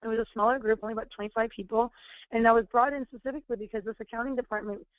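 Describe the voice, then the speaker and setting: A woman's voice: fairly high pitch, fairly even intonation, very fast, no room sound. Chatty woman on a tinny phone line. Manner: chatty storyteller, many fillers and restarts. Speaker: wellness trainer. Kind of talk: webinar talk with anecdotes.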